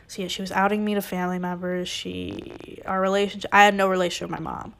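Young woman with a gravelly voice. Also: fairly low pitch, level tone, fast, few pauses, a bit bright. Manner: emotional, candid, conversational with many likes and ums. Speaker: podcast host. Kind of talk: personal storytelling.

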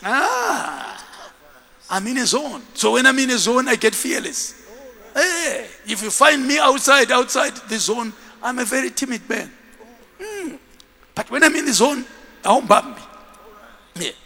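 Bishop, male, high and sharp, shouting sermon delivery, echoing church hall. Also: moderate pace, gravelly. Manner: animated, shouting, with bursts of laughter; calls for congregation repeat-after-me. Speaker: bishop, preacher. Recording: long reverb of a church hall.

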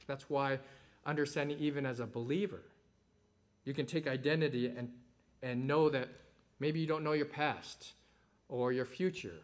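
A man preaching a sermon in a conversational way, with many fillers and occasional rises in emphasis. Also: mid-range voice.

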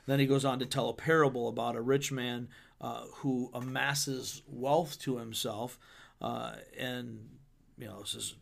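A man who is a pastor, talking through a Bible passage in a relaxed podcast chat and reading verses aloud with playful paraphrase. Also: medium pitch, measured pace, gravelly. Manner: conversational, reads scripture with playful paraphrase. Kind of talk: podcast sermon discussion.

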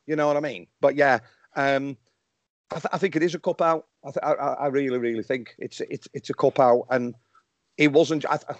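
A man on a podcast call, sounding worked up and passionate and tripping over his words now and then. His voice is mid-pitched and comes through a dry line with no room sound. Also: steady tone, a little fast, a little mellow, no room sound, lo-fi sound. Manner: passionate and riled up, many restarts. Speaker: podcast guest, football fan. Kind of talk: casual podcast discussion.

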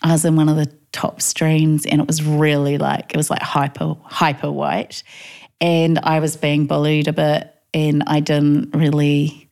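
A woman's voice: low voice, measured pace, creaky. A middle-aged New Zealand woman with a New Zealand accent, candidly telling personal stories in a casual interview, acting out quotes. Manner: candid, animated quoting, laughs often.

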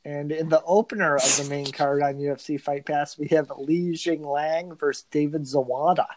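Dry-voiced podcast co-host reading fight lineups. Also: male voice, fairly high pitch, moderate pace, no echo. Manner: reads lineups in a flat listing way, dry asides. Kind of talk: casual podcast chat.

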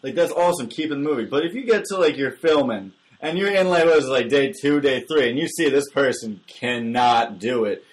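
Halting male panelist, thinks aloud. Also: medium pitch. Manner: halting, full of fillers. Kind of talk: casual chat.

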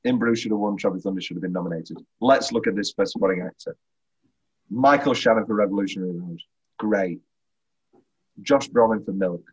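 Husky, low-voiced, opinionated man. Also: highs cut off. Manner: blunt, sweary, opinionated. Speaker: podcast co-host. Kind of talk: casual film podcast chat.

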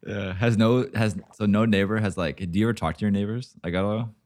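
Deep-voiced, teasing podcast man. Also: steady tone, brisk, darkish tone, no room sound, clean studio sound. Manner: teasing, profane, laughs a lot. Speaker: podcast co-host. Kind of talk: casual podcast chat.

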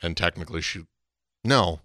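Male podcast co-host, animated casual talker, bright voice. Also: low voice, moderate pace, no room sound, clean studio sound. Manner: animated, rising to emphatic peaks. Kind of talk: casual wrestling chat.

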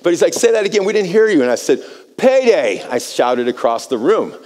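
An American man preaching a sermon, telling a personal story in an animated way and often repeating words as he starts a phrase. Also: on the high side, quick pace. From United States. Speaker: pastor. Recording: long hall reverb.

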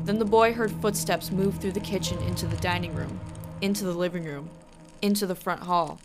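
Woman, podcast co-host, spooky story reading, slow drawn-out lines, music behind her. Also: lowish voice. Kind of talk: storytelling read-aloud.

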